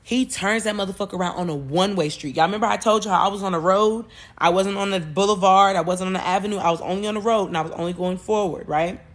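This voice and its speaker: A woman hosting a podcast, retelling a movie plot in a loose, animated way, with cursing and frequent self-corrections. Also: mid-range voice, fast, hardly any pauses. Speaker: podcast host.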